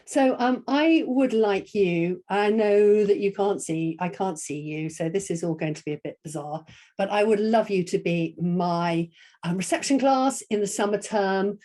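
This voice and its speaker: A middle-aged woman leading a webinar, modelling a read-aloud lesson for an imagined class with hushed whispers and excited high calls. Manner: expressive storytelling voice, big swings between hushed whispers and excited high calls; slow, deliberate teacher pacing with "copy me" prompts. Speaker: teacher trainer presenting a webinar.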